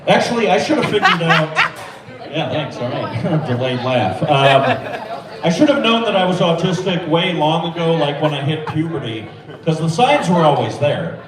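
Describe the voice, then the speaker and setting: A man's fairly high voice carries a deadpan, self-deprecating stand-up delivery. He sounds echoey and a little distant from the mic, with a lively crowd laughing around him in a small club. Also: normal speed. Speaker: stand-up comedian. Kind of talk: open-mic stand-up set. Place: small comedy club or bar.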